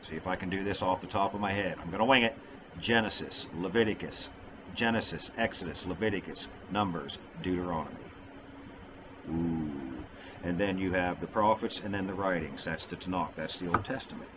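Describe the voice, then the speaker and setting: A man's voice: low voice, brisk, background noise. Rambling goofy man on a vlog. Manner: rambling, goofy, self-deprecating. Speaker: vlogger. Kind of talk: casual religious vlog talk. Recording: dull lo-fi sound.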